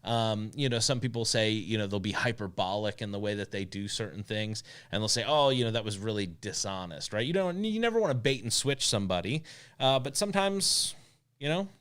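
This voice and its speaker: Low-voiced rambling talk show man. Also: expressive, brisk, a bit bright, clean tone. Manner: rambling, lots of fillers and restarts. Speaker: co-host. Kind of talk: casual talk show chat. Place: radio studio.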